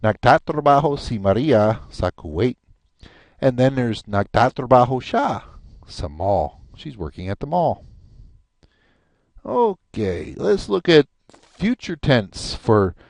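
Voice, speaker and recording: A man teaching a recorded language lesson, patiently repeating each word slowly with chatty asides. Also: mid-range voice, a little mellow, dry recording. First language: English.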